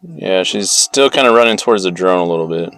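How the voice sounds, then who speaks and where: A man flying a search drone, calmly giving directions over the phone. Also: low voice, fairly quick, slight background noise. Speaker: drone pilot guiding a search.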